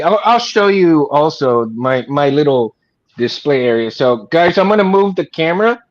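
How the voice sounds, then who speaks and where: A man's voice: on the high side, lively intonation, normal speed, dull audio. A man who builds lightsabers, chatting casually and hesitantly on a livestream video call. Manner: hesitant, many fillers. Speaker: lightsaber maker.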